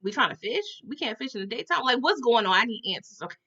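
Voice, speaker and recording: A woman giving a casual TV episode recap, animated and slangy, often checking in with "okay?" and "y'all". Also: a little high, fast, slightly rough, lo-fi sound. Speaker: TV recap reviewer.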